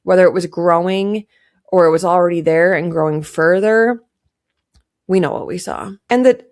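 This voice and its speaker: A woman's voice: on the low side, gravelly, darkish tone. A young woman giving casual, indignant commentary to camera, stressing her points by repeating them. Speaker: pop culture commentator.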